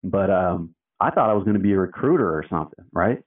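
Male guest, very low voice, sits far off the mic, chatty storyteller who acts out quotes. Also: expressive, fast talker. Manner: loose and chatty, filler-heavy, acts out quotes. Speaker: interview guest. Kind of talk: casual storytelling. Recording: tinny phone-like sound, distant from the mic.

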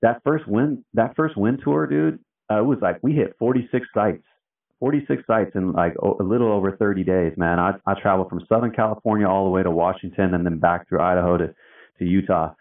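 A laid-back man with a deep, low voice talks casually, dropping "man" and "dude" as he goes. He sounds tinny and thin, as if he were on a phone line, and he sits back from the mic. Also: brisk, distant mic. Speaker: interview guest, founder of a tradesman community brand. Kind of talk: casual storytelling.

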